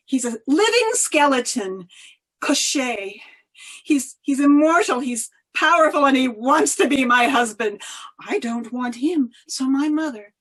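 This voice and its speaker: A woman storyteller voicing a gentle, sorrowful enchanted young maiden who pleads earnestly in a husky voice. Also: high-pitched, heavily acted, poor audio.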